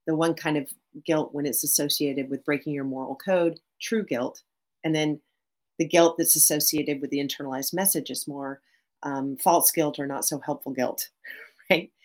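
Low-voiced woman therapist, animated. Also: moderate pace. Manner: animated, frequent restarts and "right?" tags. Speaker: therapist and author guest. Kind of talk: podcast interview.

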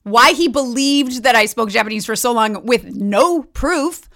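A woman's voice: on the high side, unhurried, fairly bright tone. Woman guest telling a laughing anecdote. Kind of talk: casual storytelling.

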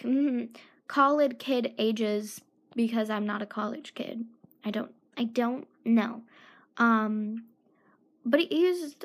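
A teenage girl talking casually in a solo podcast, chatty and self-mocking, turning indignant when riled up. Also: on the high side.

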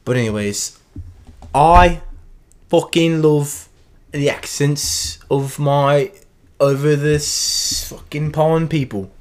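A man's voice: medium pitch, flat delivery, moderate pace, close to an everyday voice. A man putting on a mock British accent in an exaggerated, playful way.

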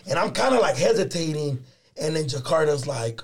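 A young man telling a story with loose, profane energy, his voice a touch higher than most men's. He mixes Spanish slang into casual chat and leans hard into his retelling. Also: fairly quick, breathy edge.

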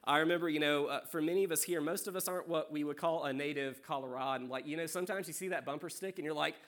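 A man's voice: a little high, rapid-fire, few pauses. A young man from South Carolina with a faint Southern accent, a worship leader preaching a sermon in a church in a chatty, joking way. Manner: warm, chatty, joking with the congregation. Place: church sanctuary.

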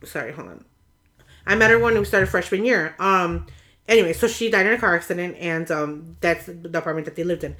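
A young woman with a lowish, slightly bright voice tells a story at a fairly quick clip in casual conversation. She rambles, restarting often, and acts out the frantic moments by screaming out quotes.

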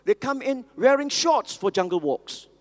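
Man, sermon, high voice, long hall echo, storytelling. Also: very animated, normal speed. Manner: storytelling, asks the audience questions. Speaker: preacher.

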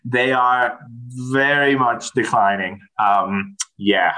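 A man's voice: mid-range voice, slow pace, sharp tone, poor audio. A man in a casual interview, telling stories from his consulting work with many restarts and fillers. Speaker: guest.

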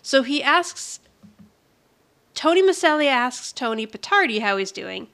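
Woman, casual podcast chat, higher pitch, lively storyteller voicing characters. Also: measured pace. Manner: animated storytelling, acts out characters' lines. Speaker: podcast co-host recapping a TV episode.

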